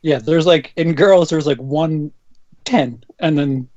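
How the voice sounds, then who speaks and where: A young man talking haltingly, repeating words as he thinks, in a casual movie commentary. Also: on the high side, darkish tone, dry recording, lo-fi sound. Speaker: commentary co-host.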